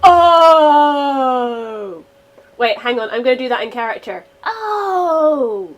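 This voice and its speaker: A woman's voice: a little high, little pitch movement, rapid-fire, highs cut off. A woman playing a tabletop role-playing game, chatting casually and hesitantly as she describes her character's actions.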